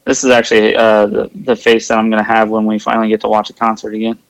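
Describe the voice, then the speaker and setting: A man's voice: on the low side, completely flat delivery, fast talker, clean tone, dry recording, poor audio. Easygoing man laughing through a watch-along. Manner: easygoing, laughs often, chatty trivia. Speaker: podcast co-host. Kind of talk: casual movie watch-along chat.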